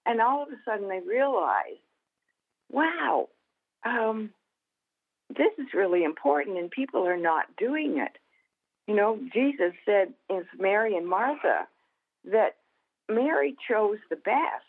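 A woman guest minister tells her stories in a folksy, animated way and laughs easily. Her voice comes through a narrow, tinny, phone-like channel. Her pitch sits in the middle. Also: unhurried, vocal fry, long pauses. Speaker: guest author and revival minister. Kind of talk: storytelling in a Christian TV interview.

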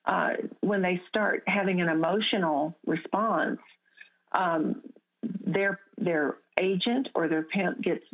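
Female guest, lowish voice, earnest storytelling with restarts, heard over a thin phone line. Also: slow. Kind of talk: testimony in an interview. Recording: tinny phone-line sound.

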